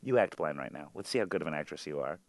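A man hosting a casual comedy talk show, teasing his co-hosts with quick jokes. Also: very deep voice, expressive, gravelly, slight background noise. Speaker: podcast host.

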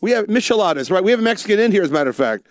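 A man hosting comedy radio banter, an excitable and quick storyteller. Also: high voice, no room sound.

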